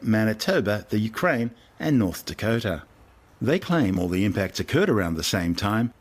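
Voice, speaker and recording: A man hosting a science show, reading scripted news narration in a measured newsreader way. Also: fairly low pitch, breathy edge. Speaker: host.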